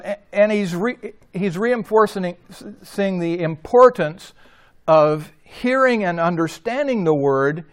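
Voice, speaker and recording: Halting man teaching scripture. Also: a little high. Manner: halting, with frequent restarts and self-corrections; unhurried, explanatory. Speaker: Bible study teacher. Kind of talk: informal Bible teaching.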